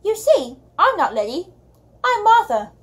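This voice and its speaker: A woman puts on a brisk young baker girl who takes charge kindly, in a put-on English accent. The voice rings high and lively. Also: exaggerated voice. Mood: confiding. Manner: brisk and firm, attempted British accent.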